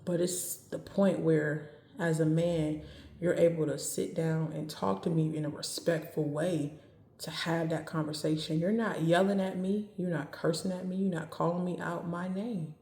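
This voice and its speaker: A woman giving dating advice in a casual talk to camera, speaking calmly and evenly and driving her points home by repeating them. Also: sits low, moderate pace, vocal fry, echoey room. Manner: calm, even, straight-talking with emphatic repetition.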